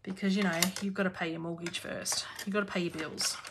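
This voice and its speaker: A noisy background surrounds an Australian woman whose steady voice sits on the low side and moves fairly quickly. She hosts a live craft class from her home craft room, talking casually while working and laughing a lot.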